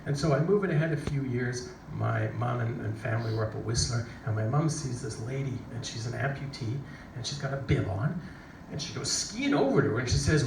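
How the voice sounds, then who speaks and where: A middle-aged man giving a motivational talk, telling a story with lively energy and acting out the people in it. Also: medium pitch, brisk, creaky. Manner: animated storyteller, acts out voices and shouts. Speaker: motivational speaker. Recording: echoey hall from a distance, noisy.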